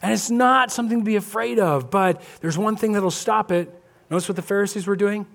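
A man preaching a lively sermon as pastor, acting out little scenes and voices of churchgoers. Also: high voice, a little fast, creaky. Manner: animated, acts out congregation voices. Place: church sanctuary.

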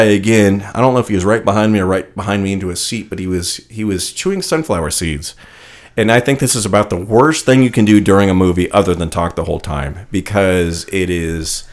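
A man co-hosting a casual podcast chat, telling rambling stories with lots of restarts and asides into a studio mic. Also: fairly low pitch. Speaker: podcast co-host. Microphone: studio microphone.

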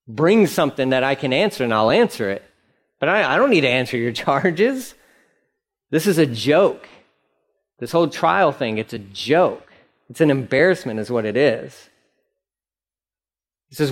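A man's voice: mid-range voice, moderate pace. A male pastor giving a conversational sermon, acting out quoted voices with big swings up and down.

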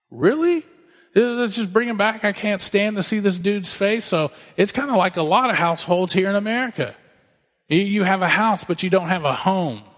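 A man's voice: a little high, in a large hall. A man in his thirties preaching a sermon as a pastor, conversational with joking asides.

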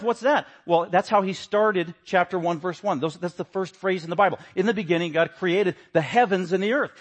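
Male Bible teacher, slightly high voice, emphatic, lecture style. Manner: emphatic, swings between low asides and raised stresses.

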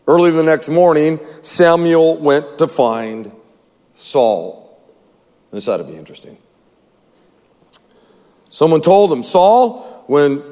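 A man's voice: fairly high pitch, a little mellow. A man pastor preaching a sermon, reading scripture aloud with wry asides and chuckles, in a church sanctuary. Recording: long reverb in a hall.

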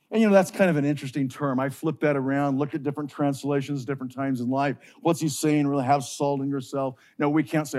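A pastor preaching a sermon to his congregation, slowing down and stressing key phrases with passion. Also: on the high side, a little mellow.

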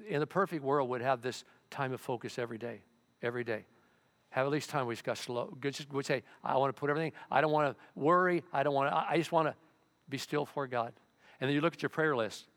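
An older man preaching a sermon as pastor, in a conversational way with sudden loud, excited bursts. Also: mid-range voice.

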